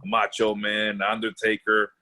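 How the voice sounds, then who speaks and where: A man's voice: on the low side, monotone, measured pace, sharp tone. A man, a wrestling referee guest, speaking enthusiastically in casual chat. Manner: enthusiastic, laughs easily.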